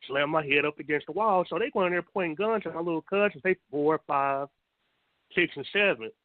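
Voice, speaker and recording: A man's voice: a little high, fairly quick, dry recording. Male caller on a tinny phone line. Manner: steady storytelling, quotes others. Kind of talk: telling a story over the phone.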